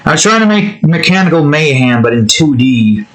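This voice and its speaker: A man chatting casually while he draws, rambling through off-topic asides and swinging into animated mock rants. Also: on the high side, normal speed, low-quality recording. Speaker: art vlogger. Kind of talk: casual chat while drawing.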